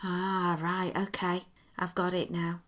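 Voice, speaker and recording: British woman, podcast host, bright forceful tone, chatty and reassuring. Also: on the low side, completely flat delivery, slow. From Britain. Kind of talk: casual podcast chat.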